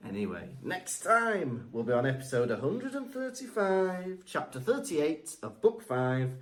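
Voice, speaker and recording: A man's voice: a little high, big pitch swings, unhurried, few pauses. A man co-hosting a podcast, chatting cheerfully, throwing in teasing suggestions, and reading the show's outro. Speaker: podcast co-host. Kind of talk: casual chat and show outro.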